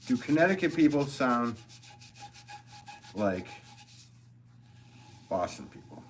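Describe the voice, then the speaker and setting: A man's voice: mid-range voice, big pitch swings, slow pace, slight background noise. A man, a potter hosting a livestream, talking loosely in a casual, rambling way and reading viewer comments aloud. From American Northeast.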